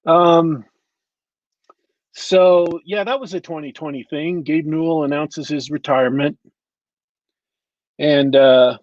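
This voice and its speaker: A man's voice: a little high, darkish tone, dry recording, highs cut off. A man co-hosting a casual podcast chat, easygoing and musing as he talks. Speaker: podcast co-host.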